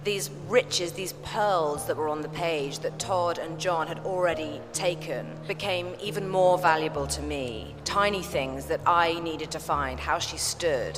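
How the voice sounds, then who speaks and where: A woman, an actress, speaking thoughtfully and eagerly in an interview about her craft. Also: deep voice. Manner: thoughtful, growing more enthusiastic. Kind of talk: casual interview. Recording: long reverb with music behind.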